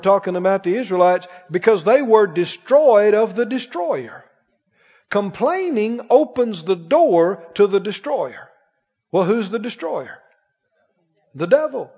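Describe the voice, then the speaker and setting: A male pastor preaches from the pulpit, slowly stretching out scripture lines and slipping into playful acted asides. His voice sits high for a man. The recording is dull and muffled, with a long reverb trailing off the hall. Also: a little mellow. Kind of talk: sermon.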